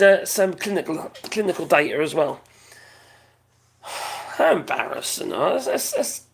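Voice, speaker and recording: Gravelly, husky British man chatting live. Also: high voice, fairly bright tone. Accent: British English. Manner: rambling, chatty, laughs often, reads out viewers' chat. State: voice going hoarse. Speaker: live stream host. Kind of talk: casual live-stream chat.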